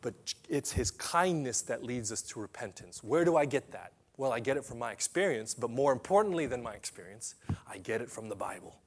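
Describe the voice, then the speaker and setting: A man delivering an impassioned sermon at a mid-range pitch. He swings between hushed, intimate passages and loud, rising emphasis, often repeating and restarting phrases as he presses his point. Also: animated, fairly quick. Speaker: preacher.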